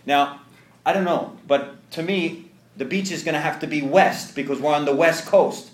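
A man sharing a personal recovery story with an audience, animated and full of restarts. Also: a little high, normal speed, roomy sound. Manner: animated, self-interrupting storyteller with many restarts. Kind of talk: storytelling testimony to a live audience.

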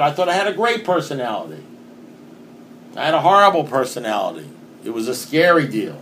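A man's voice: a little high, sing-song, brisk, a bit bright, a little hiss or hum. A man giving an earnest recovery talk, reading passages from a book and repeating points for emphasis, now and then rising to emphatic bursts. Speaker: recovery meeting speaker.

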